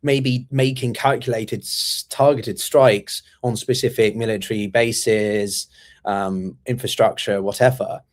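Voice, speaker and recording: A man speaking as a guest analyst in a conversational way, measured but full of ums and restarts. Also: lowish voice, fairly even intonation. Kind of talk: conversational commentary.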